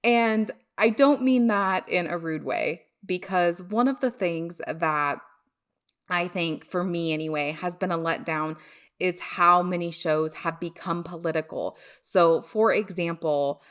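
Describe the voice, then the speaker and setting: A woman's voice: on the low side, a little slow, fairly bright tone. A woman hosting a solo podcast, talking in a candid, chatty way and laughing at herself now and then. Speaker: podcast host.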